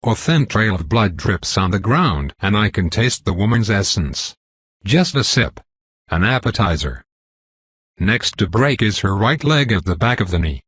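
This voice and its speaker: Male narrator, deep and breathy, dry close read; clipped, intense dramatic delivery. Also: sing-song, a little slow, a bit bright, no echo. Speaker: audiobook narrator. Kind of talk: first-person fiction narration.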